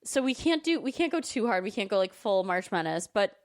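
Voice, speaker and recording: A woman's voice: medium pitch, sing-song, brisk. A woman co-hosting a podcast, chatting casually from a couch with giggly, sarcastic banter. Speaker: podcast co-host. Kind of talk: casual chat. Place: indoors on a couch.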